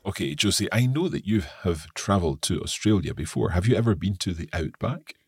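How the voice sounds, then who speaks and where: A Scottish man co-hosting an English lesson podcast, reading a text aloud and explaining words clearly. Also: deep voice, expressive, fairly quick, over loud music. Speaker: co-host and English teacher.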